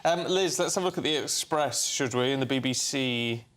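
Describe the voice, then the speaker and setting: A man hosting a breakfast show, talking in a relaxed, conversational way. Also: medium pitch, normal speed. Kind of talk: casual studio chat.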